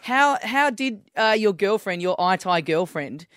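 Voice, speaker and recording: A man's voice: sits high, lively intonation, a little slow, a bit bright, no echo. A man hosting a podcast, ribbing a co-host with wry, dry humour. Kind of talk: casual podcast banter.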